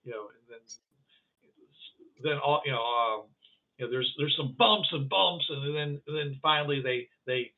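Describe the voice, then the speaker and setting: A man narrating a tabletop game as game master, halting and full of restarts. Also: medium pitch. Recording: tinny phone-like line.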